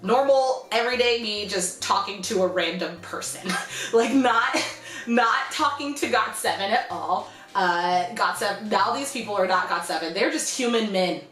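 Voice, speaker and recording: A young American woman telling a rambling, animated storytime in a casual vlog, full of "like" and "you know". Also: mid-range voice, normal speed. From United States. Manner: animated, rambling, heavy use of "like". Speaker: vlogger. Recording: roomy echo with faint music.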